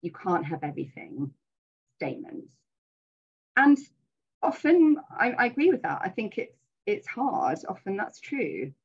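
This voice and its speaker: A woman's voice: fairly high pitch, sing-song, unhurried, long pauses, a little mellow, breathy edge, muffled recording. A middle-aged woman giving an earnest, reflective webinar talk with frequent fillers, heard over a video call. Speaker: webinar speaker.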